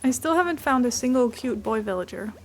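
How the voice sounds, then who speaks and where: A woman's voice: a little high, animated, fairly quick, soft background music. A woman streaming a game in a casual, rambling chat who keeps breaking off to coo at her cat.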